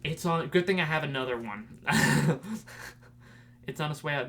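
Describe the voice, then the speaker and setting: A young man hosting a podcast, rambling in casual chat with lots of fillers and excited fan talk. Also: on the high side, normal speed, background noise. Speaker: podcast host.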